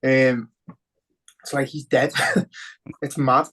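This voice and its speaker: Male co-host, Liverpool accent, emotional, sweary, mid pitch. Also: little pitch movement, slow pace, a bit bright, breathy edge, low-quality recording. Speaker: podcast co-host. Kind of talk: casual podcast chat.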